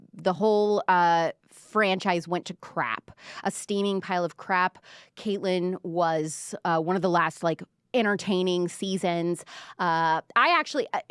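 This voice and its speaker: A woman's voice: medium pitch, clean tone, no echo, clean studio sound. A woman, hosting a live pop culture show in a chatty, sarcastic way with lots of fillers. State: out of breath. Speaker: host. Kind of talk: casual pop culture commentary.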